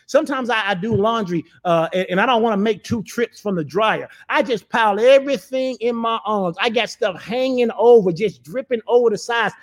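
A male pastor preaching to an online audience, repeating phrases and building emphasis. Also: high-pitched. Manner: preaching with rising emphasis and repetition. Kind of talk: sermon.

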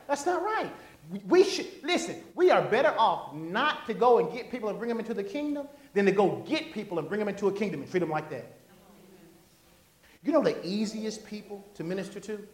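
A pastor preaching a sermon in a church, animated and folksy, calling out to the congregation. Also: mid-range voice, fairly quick. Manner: animated, call-and-response preaching; folksy, conversational asides. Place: church sanctuary. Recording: echoey church room.

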